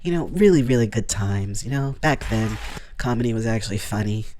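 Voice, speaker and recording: A man's voice: on the low side, fairly quick, a little mellow, a little hiss or hum. A man making a reaction video, commenting in a boastful, mock-serious, sarcastic way. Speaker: YouTuber.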